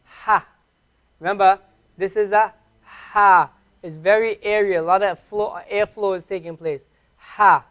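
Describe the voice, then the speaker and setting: High-voiced man teaching letter sounds. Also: fairly even intonation, a bit bright. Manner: slow, patient, repeats each sound clearly. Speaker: Arabic teacher. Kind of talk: classroom lesson, drilling pronunciation. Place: classroom.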